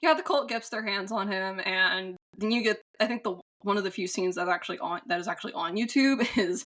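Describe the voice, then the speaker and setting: A woman's voice: medium pitch, a little fast, fairly bright tone. A woman co-hosting a podcast, recapping a film in a rambling, casual way with many fillers and frank swearing. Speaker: podcast co-host.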